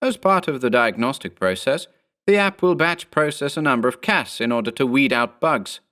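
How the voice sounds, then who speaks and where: A man voicing a calm, unsettling clone. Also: mid-range voice, moderate pace, pitched above the performer's own voice. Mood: calmly reassuring. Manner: calm, casual, reassuring. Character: calm, eerily reassuring male clone.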